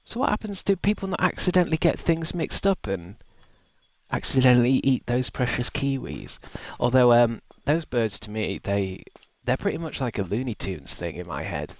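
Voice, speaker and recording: A man's voice: mid-range voice, big pitch swings, moderate pace, darkish tone, dry recording, poor audio. A man, streaming a game and chatting casually with viewers in a rambling way, laughing often. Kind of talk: casual gaming livestream chat.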